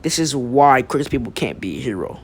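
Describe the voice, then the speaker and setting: A man's voice: mid-range voice, very animated, a little fast, husky, voice pushed down. All Might, a blunt superhero mentor, read by a man.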